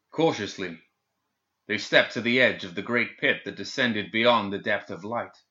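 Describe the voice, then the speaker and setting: A man reading a fantasy novel aloud in a steady, measured storytelling manner. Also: fairly low pitch, muffled recording. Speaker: audiobook narrator. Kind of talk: scripted fantasy narration.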